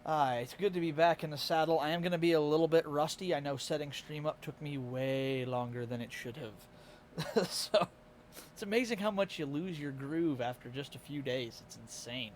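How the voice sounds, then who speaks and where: A man's voice: a little high, normal speed, a little hiss or hum. A tired man with a Midwestern American accent, chatting casually and laughing often as he streams live to his chat. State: a little tired.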